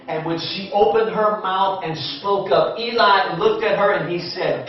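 A man's voice: sits high, measured pace, hardly any pauses, slight background noise. A man preaching a sermon, retelling Bible stories with impassioned exhortation. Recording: echoey hall, distant muffled mic.

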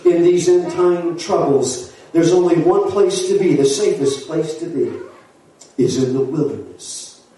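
A man preaching a fiery sermon as pastor, building to shouts with folksy asides. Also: fairly high pitch, measured pace, slight background noise. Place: church sanctuary. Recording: echoey hall from far off.

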